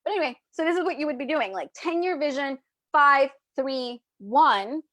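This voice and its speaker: An energetic woman coaching her group live, playful and quick to act out little voices. Her voice sits high, and the close mic keeps it dry with no room sound. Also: no room sound. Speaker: business coach.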